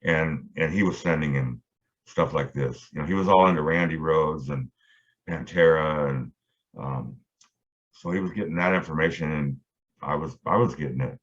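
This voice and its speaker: A man's voice: extremely low pitch, normal speed, a bit bright. A middle-aged man, a guitarist being interviewed, telling a long story in a rambling way with lots of fillers and restarts. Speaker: guitarist guest. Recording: dull lo-fi audio.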